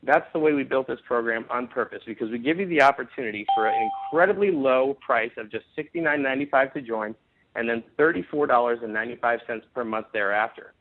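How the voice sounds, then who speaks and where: A man leading a network marketing conference call, giving an upbeat, emphatic sales pitch with frequent restarts. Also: quick pace, slight background noise. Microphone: phone conference call. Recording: tinny phone line.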